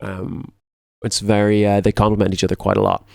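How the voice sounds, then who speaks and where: A man who produces music, talking through a tutorial in a relaxed, casual way and often repeating words for emphasis. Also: on the low side, fairly quick, vocal fry.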